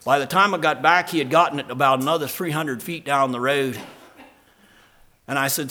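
A man preaching an emphatic sermon and telling a personal story, moving between soft earnest talk and loud, stressed lines. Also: medium pitch, fairly quick. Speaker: pastor.

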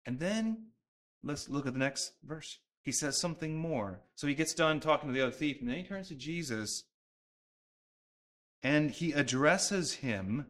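A man's voice: on the high side, expressive, moderate pace, fairly bright tone. A man preaching a sermon, talking earnestly and conversationally and often restarting his sentences. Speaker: pastor.

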